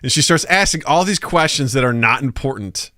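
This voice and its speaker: Male podcast co-host, mid-range voice, dry close mic, animated storyteller. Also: medium pitch, brisk, dry recording. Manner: animated storyteller acting out his daughter's questions. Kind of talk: casual storytelling chat.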